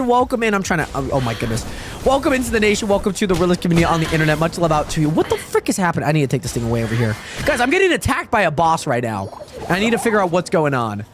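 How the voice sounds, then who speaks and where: A young man on a gaming livestream, talking to chat in a high voice that swings all over the place. He rambles casually to his viewers and bursts into yelps during fights. Dance pop music plays faintly behind him. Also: quick pace. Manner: chatty, addresses viewers constantly, yelps excitedly during fights. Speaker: live streamer.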